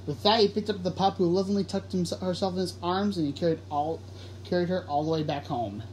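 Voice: medium pitch, fairly quick, darkish tone, a little hiss or hum. A young amateur reader narrating a fan story aloud, often stumbling and correcting words mid-sentence. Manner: stumbling, self-correcting reading. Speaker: audiobook reader.

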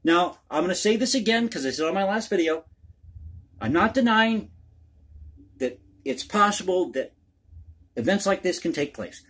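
A man talks straight to his viewers in an unscripted commentary vlog, rambling and opinionated, with a folksy habit of calling them folks. His voice sits fairly high and swings widely in pitch, with a husky edge to it. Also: animated, normal speed, long pauses, a bit bright. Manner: conspiratorial, opinionated. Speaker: political commentary YouTuber. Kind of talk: one-take commentary vlog.

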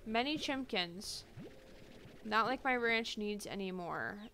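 A woman's voice: medium pitch, animated, slow pace, bright, forceful tone, a little hiss or hum. A woman streaming a game live, chatting casually, exasperated, and swearing freely.

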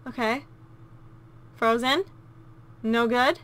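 A woman's voice: fairly high pitch, extremely slow, a bit bright. A woman hosting a let's play, chatting casually and gushing as she comments on her gameplay. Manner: gushing and cooing, easily delighted.

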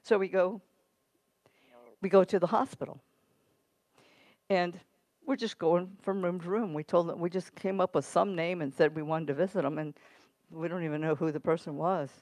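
A woman's voice: fairly low pitch, steady tone, moderate pace, pauses often, darkish tone, no echo. A middle-aged woman preaching in a church, telling a story in a conversational way and then urging her listeners on with emphasis. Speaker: guest preacher. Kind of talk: sermon with storytelling. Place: church sanctuary.

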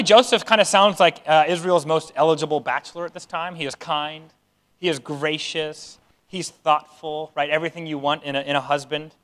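A man's voice: fairly high pitch, a bit bright. A man in his thirties preaching a sermon as pastor, conversational and earnest, building to emphatic exhortation.

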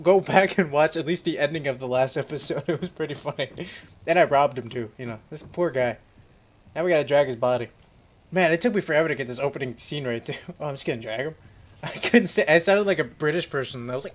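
A man giving casual gameplay commentary, laughing a lot and yelling at the game. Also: fairly high pitch, animated, fairly quick, slight background noise. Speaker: let's play gamer.

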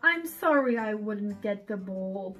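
A woman's voice: mid-range voice, lively intonation, slow pace, fairly bright tone, soft background music, voice pushed down. A woman voicing a good-natured male bug friend in a storybook, speaking earnestly. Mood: friendly.

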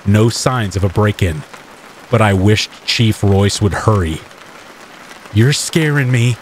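Low voiced guy reading a scary story, steady and measured, faint rain under it. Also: slight background noise. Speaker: narrator. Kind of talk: first-person horror story narration. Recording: faint rain ambience mixed behind the voice.

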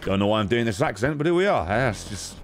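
A man streaming a card game, giving casual commentary, swearing often and breaking into sudden high squeals. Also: expressive, fast, slight background noise.

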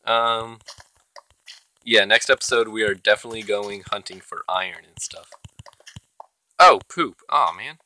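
A man's voice: lowish voice, a little slow, pauses often, sharp tone, a little hiss or hum, low-quality recording. A man hosting his own gaming channel, giving casual, chatty commentary as he plays and talking to the creatures in the game. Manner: chatty, talks to himself and the game mobs.

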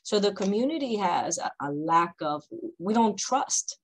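A woman who founded a company, speaking on a video call panel with emphatic, deliberately slow, repetitive points. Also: mid-range voice, lively intonation, poor audio. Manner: emphatic, repeats key points, speaks slowly on purpose.

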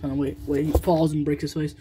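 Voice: medium pitch, flat delivery, fairly quick, noisy background. A young narrator telling a toy play story, rambling and stalling with fillers and humming, indoors at home.

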